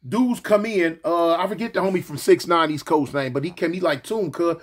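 A man's voice: fairly high pitch, a little fast. A middle-aged man with a lisp, telling a story from his past in casual, slangy speech with many fillers and restarts.

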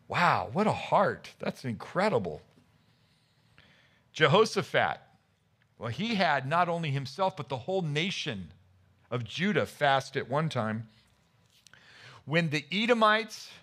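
A male pastor preaching a sermon, retelling scripture stories with animated acted-out voices. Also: a little high. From United States. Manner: animated storytelling, acting out the Bible characters' voices.

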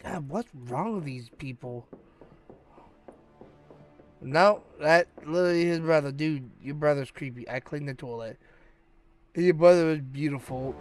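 A man's voice: fairly high pitch, measured pace, pauses often, soft background music. A man hosting a gaming channel, giving hyped, slangy, joking commentary while he plays a horror game. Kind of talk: let's-play commentary.

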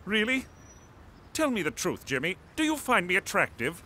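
A prim, overly polite cartoon Mountie. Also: male voice, high-pitched, huge pitch swings, normal speed, pushed and bright, slight background noise, exaggerated voice. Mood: earnest. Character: prim Canadian Mountie man, earnest and hapless.

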